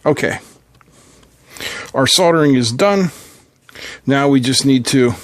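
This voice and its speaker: A mid-voiced man from the Appalachian region of the US talks through a soldering job at his home workbench. His delivery is casual and chatty, with self-deprecating asides as he works. A faint background hiss sits under the recording. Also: medium pitch. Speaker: electronics tutorial host.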